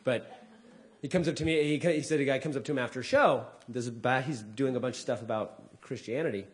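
A man, a comedian, speaking casually to a live audience, acting out people's lines with big pitch jumps and dropping low for asides. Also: brisk. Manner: drops to a quieter, lower voice for asides. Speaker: comedian giving a talk.

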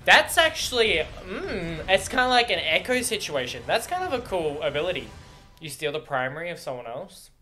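A young man giving casual, excitable, rambling reaction commentary on video game cinematics, laughing often. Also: fairly high pitch, moderate pace, soft background music.

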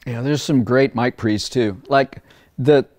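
A male record producer talks casually in an interview, rambling through anecdotes and acting out old conversations in a raised voice. His mid-range voice is slow and darkish, and the recording is dry.

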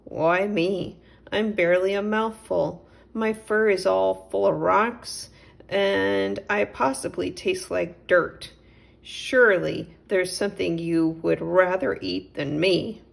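A small, clever mole from a storybook, earnest and a touch indignant, as a woman puts him on. He reasons slowly, with a gravelly edge. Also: mid-range voice, steady tone. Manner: indignant, persuasive.

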